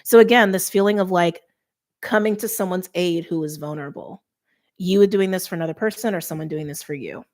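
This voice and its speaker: A woman doing an intuitive tarot card reading, speaking softly and earnestly and letting her emotions show. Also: lowish voice, fairly quick. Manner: soft, earnest, openly emotional. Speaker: tarot reader.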